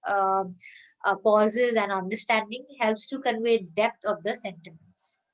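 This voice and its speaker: A woman with an Indian English accent teaching a recorded college English lesson, explaining step by step and reading verse lines slowly. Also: a little high, poor audio. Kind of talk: recorded online lecture.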